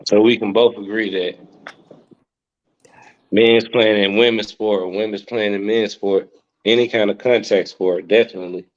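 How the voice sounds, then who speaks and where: A young man hosts a casual podcast chat, blunt and profane, laughing easily. His voice sits on the low side, and the recording sounds dull and lo-fi. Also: fairly even intonation, normal speed, pauses often. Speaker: podcast host. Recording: lo-fi dull audio.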